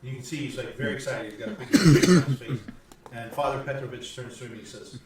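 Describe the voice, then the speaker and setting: A man's voice: medium pitch, fast talker, hardly any pauses, background noise. A man narrating a tabletop game as game master, rambling with fillers and restarts. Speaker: dungeon master. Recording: echoey room from far off.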